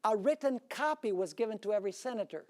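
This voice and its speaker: A male pastor delivering a sermon with a notably high voice. He preaches emphatically and keeps checking in with his listeners through rhetorical questions. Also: lively intonation, fast talker.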